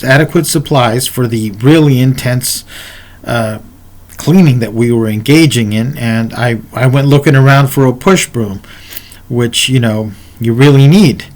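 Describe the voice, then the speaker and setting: A man's voice: mid-range voice, a little slow. A man telling a personal story in a casual, rambling way, speaking to the viewer in asides, as a martial arts instructor.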